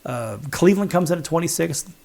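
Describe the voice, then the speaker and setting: A man's voice: fairly high pitch, expressive, a little fast, vocal fry, a little mellow. A man from Chicago hosting a sports talk show, counting down rankings with sarcastic, wisecracking emphasis. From Chicago, USA. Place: studio.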